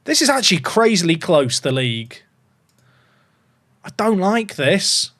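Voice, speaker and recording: Animated thirty-something man streaming. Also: high-pitched, a little slow. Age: 30s. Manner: animated, swings between chatty and mock panic. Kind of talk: live-stream gaming chat.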